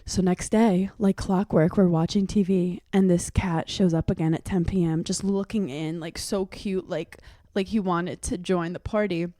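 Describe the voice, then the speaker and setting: A young woman co-hosting a podcast, telling a story in a casual, animated way and acting out the voices of other people. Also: fairly low pitch, moderate pace, hardly any pauses, dry recording. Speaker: podcast co-host.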